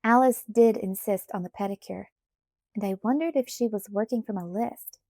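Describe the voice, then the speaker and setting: A woman narrating a novel aloud in the first person with steady, measured reading. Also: mid-range voice, no room sound, clean studio sound. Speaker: audiobook narrator.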